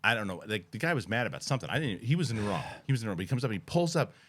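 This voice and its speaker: A man in casual chat, telling a story with lively impressions of the people in it. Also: fairly low pitch, rapid-fire. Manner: animated storyteller, acts out yelling voices, laughs. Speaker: podcast co-host.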